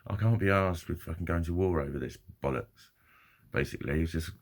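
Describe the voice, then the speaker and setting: A man talks straight to camera in a rambling, sweary, self-deprecating vlog. His voice is low and gravelly, with a husky, rough grain. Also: a little fast. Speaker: vlogger. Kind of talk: casual monologue.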